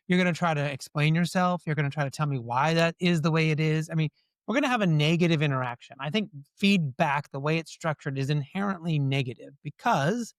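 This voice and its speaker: A man answering interview questions in a lively storytelling way, often slipping into quoted dialogue. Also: fairly high pitch, no room sound, clean studio sound. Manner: animated storyteller who acts out quoted dialogue. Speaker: guest.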